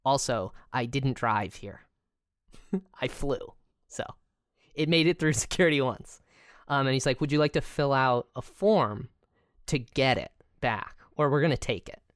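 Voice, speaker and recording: A woman's voice: a bass voice, unhurried, no echo, studio quality. A woman from Cleveland telling a casual story, with hesitant fillers. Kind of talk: casual chat.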